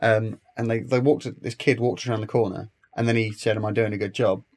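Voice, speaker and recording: Lower-voiced man telling stories. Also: fairly quick. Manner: ranting, animated storytelling. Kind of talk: casual chat.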